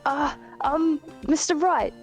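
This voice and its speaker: A woman's voice: high-pitched, slow, soft background music. A woman voicing an eager teenage girl who loves science in a live fan dub of a game, perky and curious.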